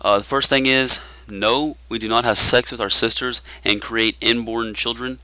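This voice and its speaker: A man with a Texan accent doing comedic gameplay commentary, telling tall tales in a deadpan way with frequent "uh" fillers. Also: medium pitch, normal speed, no room sound. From Texas.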